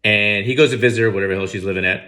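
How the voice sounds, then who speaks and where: A man's voice: on the low side, rapid-fire, sharp tone. Man, movie reaction host, casual comedic commentary, sarcastic, incredulous, mock outrage.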